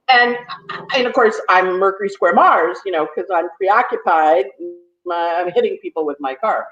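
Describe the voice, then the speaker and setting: Woman astrologer telling stories fast. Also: mid-range voice, a bit bright. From New York. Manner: talks fast when nervous, acts out quotes. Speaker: astrologer guest. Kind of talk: casual storytelling chat. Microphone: phone on a call. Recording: echoey, dull phone audio.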